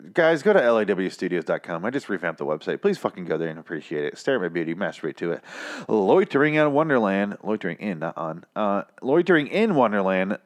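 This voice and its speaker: A young man hosting a podcast, ranting in a profane, exasperated way while reviewing a TV episode, tired and achy after some whiskey. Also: low voice. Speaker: podcast host.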